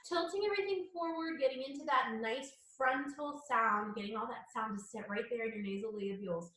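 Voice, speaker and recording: Woman vocal coach talking thru a warm-up, bit high voice, super echoey room w/ music under. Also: a little fast. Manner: chatty, explanatory, loose with fillers. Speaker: voice teacher. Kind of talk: spoken singing lesson with demonstrations.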